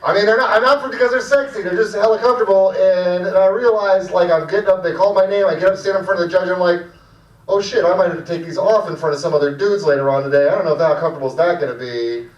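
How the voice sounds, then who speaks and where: Hosting a stand-up night in a small cafe comedy room, a man rambles casually and fills his talk with fillers. His voice sits high and moves fast, picked up by a distant mic in a dull, echoey room.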